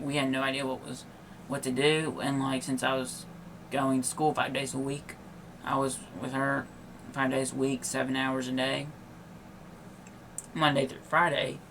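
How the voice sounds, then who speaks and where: A young man with a gravelly voice talks casually on his podcast. He is tired and yawns now and then, and his telling wanders through fillers and half-finished sentences. A faint noise sits behind him. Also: mid-range voice, a bit bright. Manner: rambling, filler-heavy with many likes and restarts. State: tired and yawning. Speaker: podcast host. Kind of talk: casual personal storytelling.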